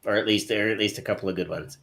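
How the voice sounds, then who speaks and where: A man's voice: fairly low pitch, fairly even intonation, racing, vocal fry, fairly bright tone. A Canadian man co-hosting a podcast, chatting casually with dry joking asides. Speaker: podcast co-host. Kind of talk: casual chat.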